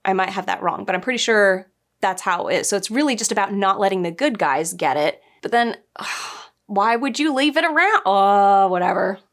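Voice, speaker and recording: A woman's voice: mid-range voice, a little fast. A woman casually recapping and nitpicking a TV episode, chatty and exasperated, laughing now and then. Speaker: show reviewer.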